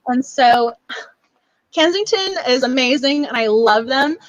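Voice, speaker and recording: A young woman with a high voice hosts a book club live stream in a bubbly, gushing way, full of fillers. The sound is dry and close. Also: lively intonation, measured pace, no echo, poor audio. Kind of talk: casual live stream chat.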